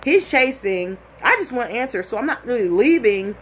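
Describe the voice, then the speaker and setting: A woman's voice: a little high, moderate pace, a little hiss or hum. A young woman in her twenties telling a personal story in a casual, blunt and profane way, acting out what people said. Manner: animated, blunt and profane, acts out quotes.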